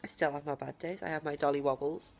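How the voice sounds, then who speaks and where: A woman talking straight to camera from home in a personal video diary, emphatic and defiant, with deliberate pauses. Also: sits low, fairly even intonation, creaky, darkish tone, faint music behind. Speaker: vlogger.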